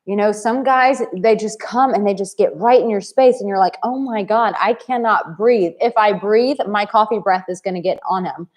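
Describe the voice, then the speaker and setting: A woman in her thirties telling a dating story straight to camera in a blunt, lively way. She coaches men on dating and talks casually, slipping into the voices of the people she quotes. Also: medium pitch, moderate pace, hardly any pauses.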